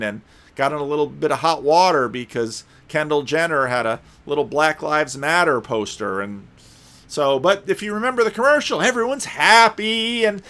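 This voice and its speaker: A man's voice: fairly high pitch, animated, normal speed, pushed and bright. A man giving a conversational sermon, reading scripture aloud and breaking off for wry, casual asides, with occasional stumbles and restarts. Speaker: preacher.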